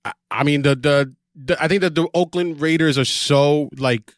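A man's voice: on the high side, normal speed, no room sound, studio quality. A man hosting a podcast in casual chat, rambling with fillers and restarts. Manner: rambling, lots of fillers and restarts, playful impressions. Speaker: podcast host.

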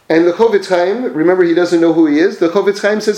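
A man's voice: a little high, fast talker, hardly any pauses, a little mellow, echoey room. A man telling religious teaching stories in a conversational way, with frequent fillers and self-corrections. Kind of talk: storytelling religious lesson.

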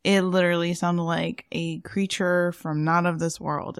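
A woman's voice: fairly low pitch, fairly even intonation, a little slow, smooth, dry recording, studio quality. A woman co-hosting a podcast in casual chat, rambling with lots of fillers. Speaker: podcast co-host.

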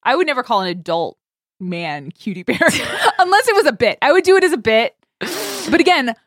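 A woman co-hosting a podcast, chatting casually and rambling through her thoughts with frequent giggles. Her pitch swings about lively. The sound is dry and close. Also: moderate pace, no echo. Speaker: podcast co-host. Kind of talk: casual chat.

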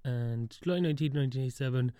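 A young man talks in a loose solo monologue, drifting between thoughts and cutting himself off mid-sentence with a wry edge. His voice is mellow and dark. The sound is dry and close. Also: medium pitch, rapid-fire, smooth, dry recording. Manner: rambling, wry, self-interrupting. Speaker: podcast host.

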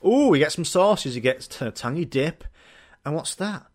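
A young man with a lively, bouncing delivery and a slightly raised pitch. He riffs in a loose, sweary comic ramble as a podcast host. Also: normal speed. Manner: rambling, jokey, sweary, animated. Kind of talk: casual comedic monologue.

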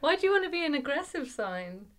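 Deadpan woman. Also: sits high, fast talker. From South Africa. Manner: short, deadpan teasing replies. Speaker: podcast co-worker. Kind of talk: casual podcast chat.

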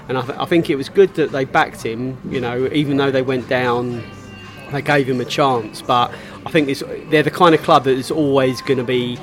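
Halting London man talking football. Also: medium pitch. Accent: London English. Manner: hesitant, repeats and restarts. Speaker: podcast panelist. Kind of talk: casual pub chat about football.

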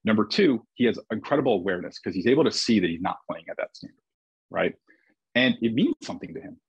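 Husky low-voiced baseball coach. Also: male voice, animated, quick pace, no room sound, highs cut off. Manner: reflective storyteller with frequent restarts. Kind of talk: casual conversation.

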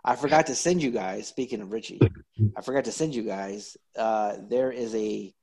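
A man's voice: lowish voice, normal speed, darkish tone, poor audio. A man co-hosting a podcast, chatting about movies in a joking, laid-back way. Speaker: podcast co-host. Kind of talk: casual movie chat.

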